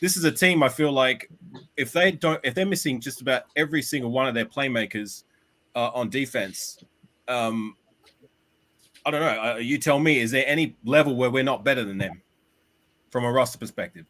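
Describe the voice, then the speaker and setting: A man's voice: mid-range voice, moderate pace, a bit bright. A man from Australia with an Australian accent, a guest on a casual sports chat who is friendly, polite and laughs easily.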